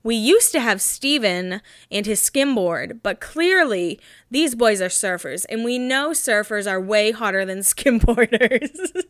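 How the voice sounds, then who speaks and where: A woman's voice: a little high, animated, measured pace, a bit bright, dry recording, studio quality. A woman in her thirties hosting a podcast, chatting casually with giggly asides while getting over a cold. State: has a cold. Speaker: podcast host. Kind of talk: casual recap chat.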